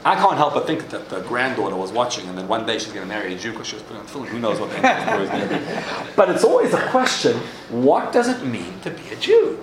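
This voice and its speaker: A man's voice: medium pitch, big pitch swings, rapid-fire, few pauses, roomy sound, a crowd in the background, poor audio. A man giving a sermon, telling a story and asking questions, with Hebrew terms mixed in. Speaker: rabbi.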